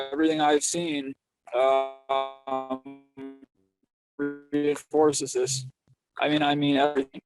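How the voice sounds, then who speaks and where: A man's voice: a little high, creaky, low-quality recording. A man teaching astrology as a guest, explaining his ideas in a thoughtful, casual way. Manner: thoughtful, with frequent fillers and restarts.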